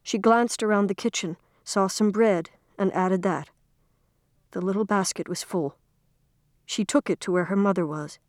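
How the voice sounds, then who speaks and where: Woman reading a kids' novel, mid pitch, calm, dry close mic. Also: normal speed, no echo. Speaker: reader. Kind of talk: storybook narration.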